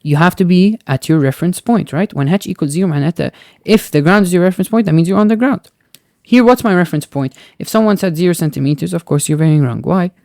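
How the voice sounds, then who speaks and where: A man's voice: fairly high pitch, creaky, a little mellow, no room sound. Dry-voiced man teaching physics. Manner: explains step by step, often checking with "right?" and "okay?"; mixes in Arabic words. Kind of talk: recorded tutoring lesson.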